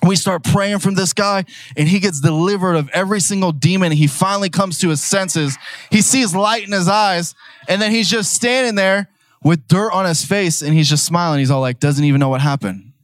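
A young man preaches with a somewhat higher voice, telling his story loosely and conversationally. He builds to loud, emphatic declarations. The recording is dry and close, with little room sound. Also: moderate pace, no room sound. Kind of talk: sermon.

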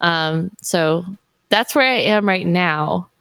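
A woman's voice: fairly low pitch, expressive, slow pace, gravelly, fairly bright tone, clean tone, dry recording. A woman in her thirties, a mother, talking candidly and rambling, with lots of "like" fillers. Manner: rambling, heavy use of "like". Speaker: guest, mother and streamer. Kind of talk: candid casual conversation.

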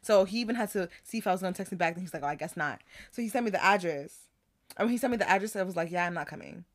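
A woman co-hosting a podcast chats casually at a racing pace, her fairly low voice full of lively intonation. She animatedly retells text messages as stories and laughs often.

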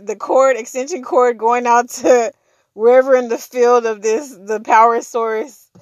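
A woman's voice: a little high, no echo. A woman telling a personal story in casual chat, acting out the dialogue and laughing often.

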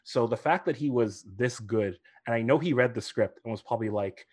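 A man's voice: mid-range voice, brisk, darkish tone, husky. A man on a movie podcast with a mid-range voice, making his case emphatically. He lays out his points one by one, building the argument. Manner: emphatic, argues his points in numbered lists. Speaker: podcast co-host. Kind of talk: casual movie-review chat.

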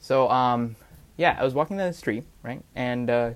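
A man's voice: medium pitch, moderate pace, clean tone. Teen boy, playful co-host, casual filler-laden chat, call mic. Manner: playful, teasing, filler-heavy.

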